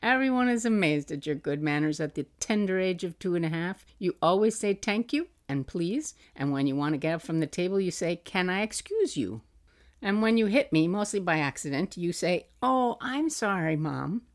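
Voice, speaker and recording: A middle-aged woman with a low voice reads from a journal she once kept for her little boy. Her delivery is fond and motherly, broken now and then by soft laughs. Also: lively intonation, fairly quick, hardly any pauses. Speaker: podcast host. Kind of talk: reading aloud from a family journal.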